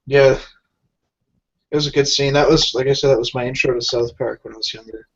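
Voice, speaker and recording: A man's voice: mid-range voice, fairly even intonation, brisk. Laid-back young guy chatting on a voice call, medium voice, muffled sound. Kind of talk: casual group voice chat.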